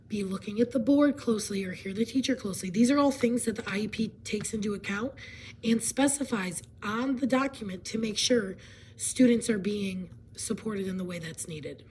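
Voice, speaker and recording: A woman hoarse from laryngitis, partly whispering as she explains a presentation in a casual way, with fillers and frequent throat clearing. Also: fairly high pitch, darkish tone, slight background noise, low-quality recording.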